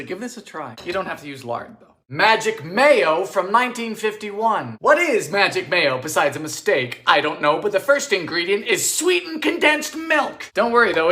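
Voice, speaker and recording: A man hosting a baking video, narrating in a theatrical, sardonic way with sudden high-pitched exclamations, in a home kitchen. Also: sing-song, normal speed, few pauses, bright, forceful tone. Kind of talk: comedic cooking narration. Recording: echoey room sound.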